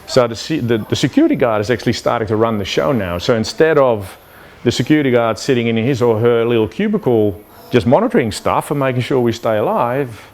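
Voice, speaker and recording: A man's voice: mid-range voice, expressive, a little fast, darkish tone. A man giving an informal lecture at an event, conversational and often checking in with "yeah" and "you know.". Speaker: speaker explaining brain biology.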